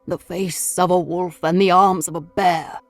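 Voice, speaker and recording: A woman voicing a frightened Victorian male spiritualist, speaking in an agitated, drawn-out way. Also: fairly low pitch, fairly even intonation, dry recording, soft background music. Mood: fearful.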